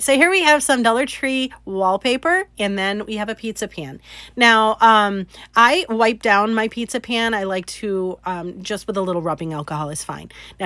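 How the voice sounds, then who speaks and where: A woman hosting a casual craft demonstration, chatty and excitable, laughing at her own mistakes and filling pauses with "um". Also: fairly high pitch, no room sound. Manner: chatty, excitable, self-deprecating, lots of "um". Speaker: craft channel host.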